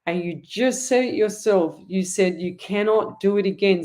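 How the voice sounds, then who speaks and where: This is a middle-aged Australian medium doing live online readings and responding to viewers' comments, chatty and rambling with frequent restarts. Her medium-pitched voice is a little mellow and moves at a moderate pace.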